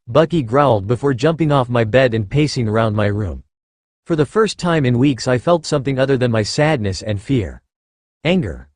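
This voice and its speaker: In an expressive reading style, a man narrates a first-person fan fiction story. His voice is mid-range, and the recording is dry.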